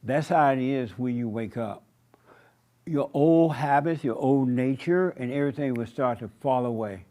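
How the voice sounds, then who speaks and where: A man's voice: mid-range voice, moderate pace, mellow. A man preaching a sermon in an emphatic, repetitive cadence with folksy turns of phrase. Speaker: pastor.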